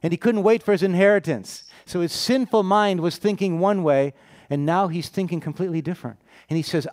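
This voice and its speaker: Storytelling male preacher, higher voice. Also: brisk. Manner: storytelling, acts out characters' lines; asks the listeners questions. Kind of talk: sermon.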